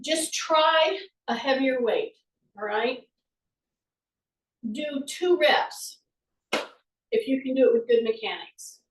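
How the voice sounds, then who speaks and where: A woman with a high voice talks through a workout, chatty and encouraging as she demonstrates each move. She sounds a little away from the mic in an echoey room. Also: slow pace, long pauses, distant mic. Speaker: fitness instructor. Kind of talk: live exercise class instruction.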